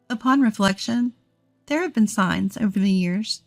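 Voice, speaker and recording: A woman in her thirties telling a first-person story in a steady, earnest scripted narration. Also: medium pitch, normal speed, creaky, no room sound, soft background music. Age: 30s.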